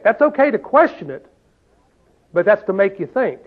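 A man's voice: extremely high pitch, expressive, normal speed. A man preaching a sermon in a folksy way, often asking the listeners questions and saying "see?". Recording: tinny phone-like sound.

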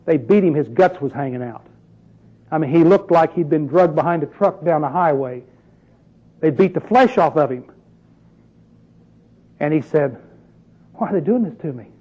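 A man's voice: fairly high pitch, normal speed, long pauses, a little mellow, highs cut off. A man preaching a sermon in a conversational, emphatic way, full of rhetorical questions.

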